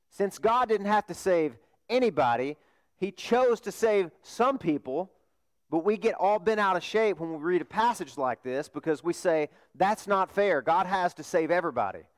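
Male pastor, sermon, quizzes the congregation, hushed asides, slightly high voice. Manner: questions the congregation and drops to a hush for emphasis.

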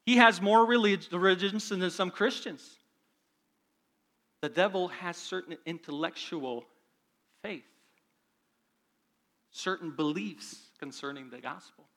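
Bright-voiced emphatic male preacher. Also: sits high, slow pace, pauses often. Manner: emphatic, reads scripture with rising force. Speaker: pastor. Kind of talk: sermon.

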